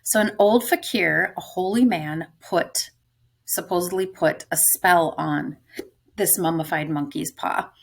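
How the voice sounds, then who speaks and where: Woman, teacher, close-reading lesson, thoughtful, musing, low voice, vocal fry. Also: unhurried.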